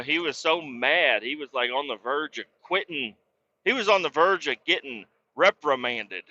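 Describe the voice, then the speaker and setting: Brief: male podcast host, sharp, piercing voice a bit high, swears constantly, rambling, blunt, dull lo-fi recording. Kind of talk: casual storytelling.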